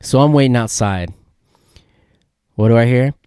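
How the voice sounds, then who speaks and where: A young man from California, hosting a casual solo podcast and telling a rambling, excitable story full of "dude" and "like". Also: mid-range voice, moderate pace, clear, resonant tone, dry recording, studio quality. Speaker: podcast host.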